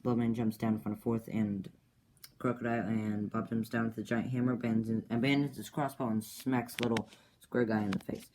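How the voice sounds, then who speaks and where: A man's voice: lowish voice, flat delivery, a little fast, darkish tone, rough recording. A man casually retelling an adventure story he made up, hesitant, with many ums and restarts. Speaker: comic creator retelling his story. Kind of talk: rambling casual story recap. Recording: clear background noise.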